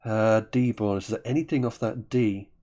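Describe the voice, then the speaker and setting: A man's voice: on the low side, fairly even intonation, normal speed, warm tone. A man commentating live on a word game, thinking aloud and often correcting himself. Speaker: Scrabble commentator.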